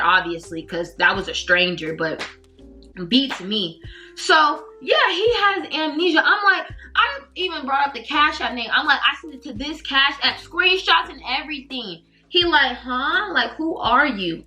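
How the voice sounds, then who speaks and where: Young woman vlogger, on the high side, animated and slangy, camera-mic sound. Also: poor audio. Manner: animated, slangy, heavy use of "like". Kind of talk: casual storytime.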